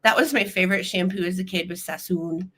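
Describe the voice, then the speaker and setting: A woman's voice: on the low side, fairly quick, sharp tone, husky. A woman with a cold hosting a live sale stream, chatting casually and greeting viewers with playful nicknames. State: has a cold.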